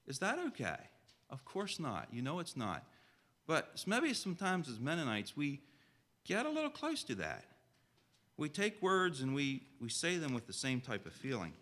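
A man preaching a sermon in a conversational way, asking his listeners direct questions and reading scripture slowly and solemnly. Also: mid-range voice, huge pitch swings, pushed and bright.

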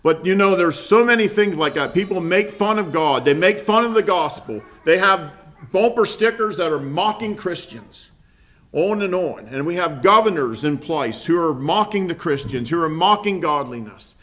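A man teaching a Bible lesson to a small group, earnest and halting, often restarting his sentences. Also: high voice, expressive, fairly bright tone. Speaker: preacher.

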